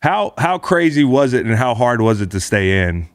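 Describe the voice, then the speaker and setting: A man hosting an interview, a former player himself, asking questions in a relaxed conversational way. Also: medium pitch, normal speed. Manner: relaxed, conversational, brief affirmations. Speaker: podcast host, former player.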